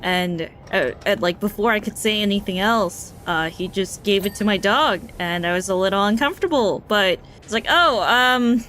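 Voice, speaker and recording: A woman's voice: mid-range voice, normal speed, few pauses, fairly bright tone, slight background noise. A young woman streamer telling a story in a chatty, wry way, full of fillers and self-corrections.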